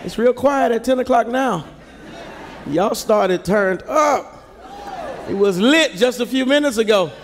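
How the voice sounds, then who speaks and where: A man preaching in a very high voice, his words ringing with the long reverb of a large church sanctuary. He swells into shouts and keeps calling on the listeners to respond, the sound of a live sermon recording. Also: unhurried, long pauses, some chatter behind, slight background noise. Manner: preaching with rising shouts and call-and-response to the congregation. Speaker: pastor.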